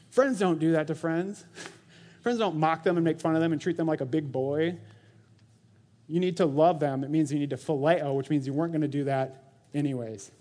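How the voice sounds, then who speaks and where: A man in his thirties delivers a sermon, his voice sitting slightly high for a man. He exhorts his listeners with earnest urgency. He breaks into short mocking impressions when quoting others. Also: fairly quick, darkish tone. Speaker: pastor.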